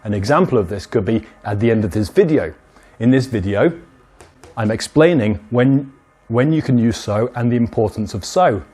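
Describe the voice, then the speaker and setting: A man teaching an English lesson, explaining slowly and acting out short spoken examples with lively stress on key words. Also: mid-range voice, husky.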